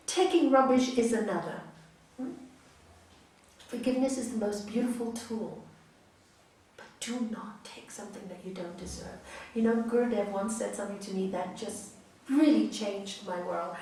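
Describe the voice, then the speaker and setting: A woman's voice: mid-range voice, normal speed, darkish tone, a little hiss or hum. A woman yoga teacher giving an emphatic spiritual talk, repeating phrases and checking in with her listeners. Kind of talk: spiritual talk answering audience questions. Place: large hall. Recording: echoey hall, mic far off.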